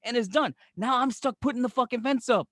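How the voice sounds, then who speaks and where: A higher-pitched man with a New York accent tells profane stories on a podcast, acting out every quote and laughing as he goes. The sound is dry and close, with no room echo. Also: a little fast. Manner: animated storyteller, acts out quotes, profane, laughs often. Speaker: podcast co-host. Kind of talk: casual podcast banter.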